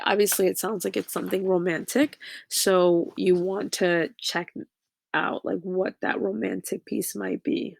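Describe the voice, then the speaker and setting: A woman's voice: mid-range voice, steady tone, measured pace, gravelly, no room sound. A woman teacher giving a recorded lesson to her students, explaining patiently, with frequent fillers and "okay?" check-ins.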